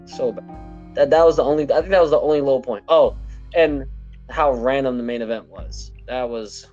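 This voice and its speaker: A man's voice: medium pitch, moderate pace, muffled recording. Man, podcast co-host, profane rants, casual chat, faint music behind. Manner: animated, profane ranting.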